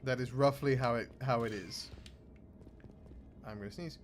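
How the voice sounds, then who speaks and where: A man's voice: medium pitch, moderate pace, soft background music. A man with a British accent giving casual let's play commentary, chatty and full of joking asides. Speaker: gaming streamer.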